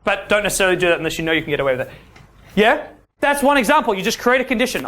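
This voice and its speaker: Talking very fast in a high voice, a male dating coach gives a seminar to a class of men. He's animated, acts out quoted dialogue, and keeps checking in with his audience with "yeah?"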